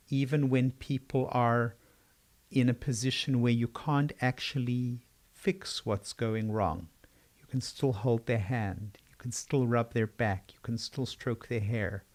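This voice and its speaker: Older South African man, reflective. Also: mid-range voice. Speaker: psychiatrist guest. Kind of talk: reflective interview answers.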